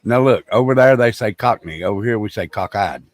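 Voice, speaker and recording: A man's voice: fairly low pitch, fairly quick, no echo. A man co-hosting a casual livestream, trading crude jokes in a drawling, bantering way. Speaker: livestream co-host.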